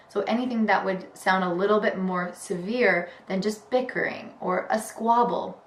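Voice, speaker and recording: A woman teaching English vocabulary in a clear, explanatory way, drawing out key words for emphasis. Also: mid-range voice. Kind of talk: vocabulary lesson. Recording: echoey room with faint background noise.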